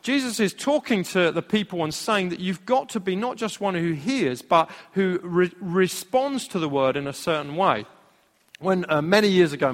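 A man preaching as a pastor, telling a personal story in an animated way. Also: a little high. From Britain. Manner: storytelling, animated, laughing at his own anecdote. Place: church hall. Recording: long hall reverb.

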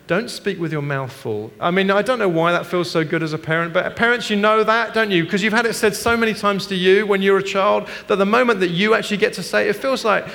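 Middle-aged male pastor, animated sermon delivery, fairly high voice with a long reverb tail. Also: quick pace, creaky, hardly any pauses. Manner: animated storytelling with laughs and shifts from hushed to loud.

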